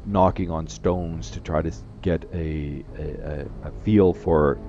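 A man's voice: extremely low pitch, fairly even intonation, a little slow, mellow, muffled recording, soft background music. A man narrating as game master, rambling with many fillers.

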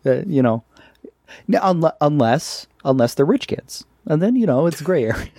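Laughing, animated man on a dry mic. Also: on the high side, normal speed, dry recording. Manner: animated, laughing, acts out quotes. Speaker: podcast co-host. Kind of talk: casual chat recapping a cartoon.

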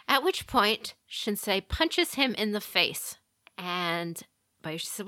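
A woman co-hosting a podcast, retelling a legend in an unhurried, casual way with small restarts. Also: on the low side, lively intonation, bright, forceful tone, no echo, studio quality. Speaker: podcast co-host. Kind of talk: casual chat, storytelling.

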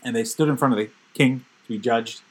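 A man teaches a Torah class with a husky, slightly breathy voice. He tells stories in an emphatic way that builds in intensity. His pitch sits in an ordinary middle range. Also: brisk, low-quality recording. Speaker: religious teacher.

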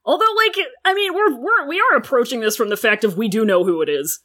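A woman co-hosting a casual book-discussion podcast, animated and profane, laughing often and reading passages aloud. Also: a little high, fast. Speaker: podcast co-host.

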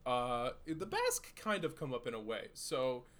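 Male co-host, mid-pitched, loose and jokey, hesitant fillers. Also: wildly swooping pitch, normal speed, fairly bright tone. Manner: laughing, full of fillers, crude jokes. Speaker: podcast co-host. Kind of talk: casual podcast chat.

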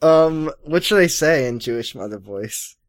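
A man's voice: a little high, animated, normal speed. A man co-hosting a podcast, chatting casually and giggling through silly bits. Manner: giggly, throws in silly bits and put-on voices. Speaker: podcast co-host. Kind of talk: casual comedic chat recapping a show.

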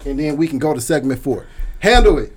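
A man's voice: a little high, animated, brisk, slightly rough. Teasing, laughing male podcast host. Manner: teasing, loud bursts of laughter. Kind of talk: casual game-show banter.

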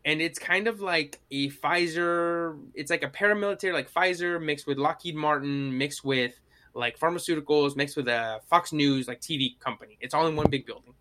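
A young man with a bright, fairly high voice chats with a friend. He tells stories in an animated way and acts out the lines he quotes. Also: normal speed, slight background noise. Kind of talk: casual chat.

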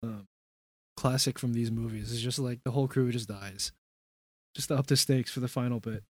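A man's voice: medium pitch, fairly even intonation, moderate pace, no room sound. A young man co-hosting a podcast in casual chat, chatty and laughing often, acting out quotes. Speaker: podcast co-host.

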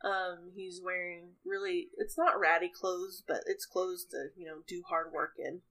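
A woman's voice: fairly low pitch, fairly even intonation, unhurried, fairly bright tone, poor audio. A woman narrating a tabletop role-playing game as game master, chatty and rambling, often laughing.

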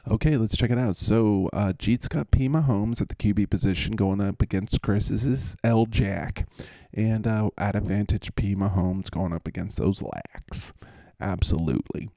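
Gravelly, playful male fantasy football host. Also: lowish voice, measured pace, mellow, dry recording. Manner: playful, jokey, rambling. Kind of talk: casual matchup commentary.

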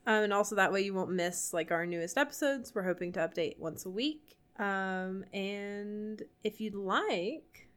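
A young woman co-hosting a podcast, rambling through an animated story full of fillers in casual chat. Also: medium pitch, measured pace. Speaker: podcast co-host.

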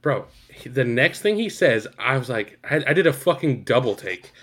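A man co-hosting a podcast, telling stories in an animated, profane, exasperated way. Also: mid-range voice, normal speed, breathy edge. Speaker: podcast co-host. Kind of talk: casual podcast chat.

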